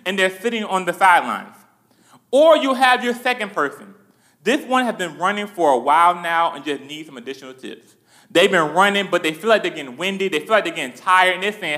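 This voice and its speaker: Young male preacher, earnest and direct, high, bright voice. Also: expressive, a little fast. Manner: earnest, repetitive, with restarts and direct address. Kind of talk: sermon.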